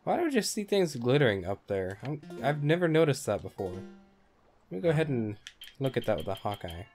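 A man's voice: mid-range voice, very animated, fairly quick, darkish tone, soft background music. A man hosting a let's play, giving casual, rambling gameplay commentary with wry asides and offhand cursing.

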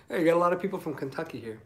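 A man, a singer-songwriter, chatting casually on a livestream through a phone mic and reading viewer comments in a relaxed, rambling way with lots of ums. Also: a little high.

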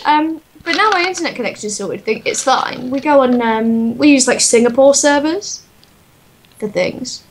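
A woman's voice: high-pitched, lively intonation, moderate pace, slight background noise. A woman from England with an English accent, co-hosting a casual let's-play in a dry, teasing, sarcastic way. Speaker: co-host.

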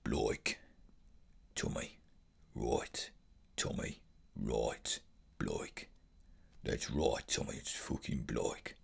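A man impersonating a volatile gangster with a deep, croaky Birmingham accent, swinging between loud, aggressive bursts and mumbling. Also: extremely slow, pauses often, heavily acted. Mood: gruff.

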